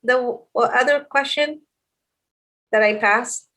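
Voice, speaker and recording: A woman's voice: a little high, slow, fairly bright tone. A middle-aged woman with a Filipino accent, the hosts' mother, answering questions in a casual podcast chat, hesitant and searching for words.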